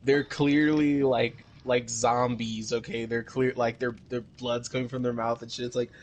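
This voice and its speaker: A podcast co-host recaps a movie in casual chat, rambling with many fillers, swearing and laughing. His mid-range voice shows little pitch movement at normal speed, with slight background noise.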